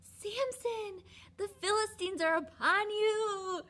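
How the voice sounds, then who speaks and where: Woman putting on a high shrill young woman, scolding, reproachful, calling out. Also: expressive, normal speed, a bit bright.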